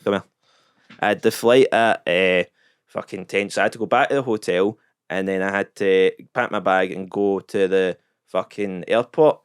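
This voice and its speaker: A Scottish man spins a long, sweary anecdote with deadpan self-mockery. His voice sits a little low and comes through smooth and clean. The sound is close and dry, with no room around it. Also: normal speed, no echo. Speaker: comedian guest. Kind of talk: casual storytelling anecdote.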